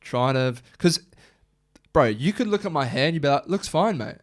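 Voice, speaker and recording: A man's voice: mid-range voice, moderate pace. A young man with an Australian accent, co-hosting a podcast in casual chat, swearing freely as he rants. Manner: swears freely, animated ranting. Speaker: podcast co-host.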